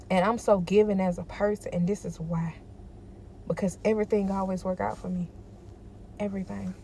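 In her personal vlog, a worn-out woman uses a medium-pitched, creaky voice with a dark tone against slight background noise. She is emphatic and repetitive, saying things over to spur herself on.

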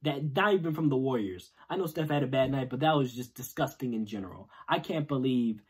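A man hosting a sports video channel, ranting in a casual, irritated way after a loss, jumping between loud outbursts and low muttering. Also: expressive, a little fast, husky. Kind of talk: casual post-game rant.

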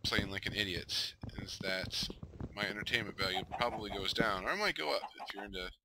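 Low-voiced guy chatting to himself while gaming, grumbly, some hiss in the background. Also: a little fast. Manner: talks to himself, mutters, flares up in frustration. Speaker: gamer streaming a survival game. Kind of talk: casual gameplay commentary.

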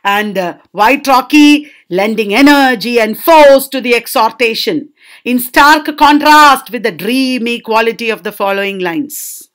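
A woman with a fairly high voice gives a literature lesson, reading verse aloud and explaining it. She talks slowly and lingers over the poem's words. Now and then she checks whether her students have understood. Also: fairly bright tone. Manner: slow, drawn-out poetry reading with checking questions to students. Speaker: literature teacher.

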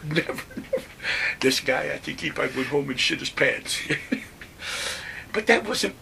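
Gravelly older veteran telling war stories. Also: male voice, mid-range voice, recorded from a distance, a little hiss or hum. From Western New York. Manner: animated storyteller, acts out quotes, chuckles. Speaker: WWII veteran. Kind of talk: recorded oral history.

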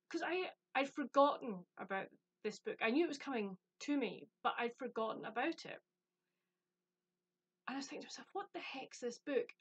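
A woman's voice: high-pitched, husky, no echo. Chatty woman from the UK, dry muffled sound. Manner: chatty, rambling, self-deprecating. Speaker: book vlogger. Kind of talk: casual chat.

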